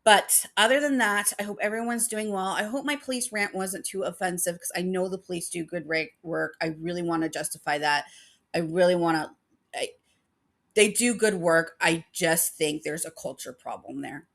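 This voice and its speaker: A woman's voice: lowish voice, normal speed, a bit bright. A woman hosting a paranormal channel, chatting casually and rambling with many fillers, emotional about her dog. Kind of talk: casual chat.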